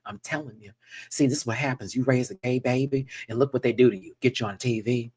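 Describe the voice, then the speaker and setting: A man's voice: mid-range voice, fast, darkish tone, no echo, lightly acted. A man voicing a proud, sassy Southern mother of a drag queen, with a country accent and a boastful, teasing drawl. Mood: sassy boasting.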